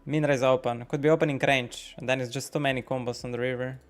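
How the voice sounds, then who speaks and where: A man streaming poker, thinking out loud about each hand, swearing often and questioning his own nerves as he talks to his chat. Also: medium pitch, fairly even intonation, fast talker. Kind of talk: live-stream commentary while playing.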